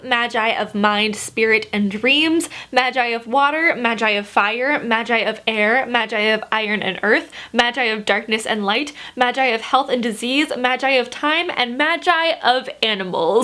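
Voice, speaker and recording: A woman's voice: on the high side, pushed and bright. A young woman in her twenties chatting through a book haul in an upbeat, bubbly way, laughing easily. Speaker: book vlogger. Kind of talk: casual book haul vlog.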